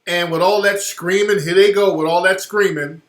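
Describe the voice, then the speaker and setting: A man's voice: high-pitched, fairly even intonation, moderate pace. A man hosting a radio show, giving emphatic, slangy commentary over a video clip. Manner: emphatic, slangy, rising loud when worked up. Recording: roomy echoey sound.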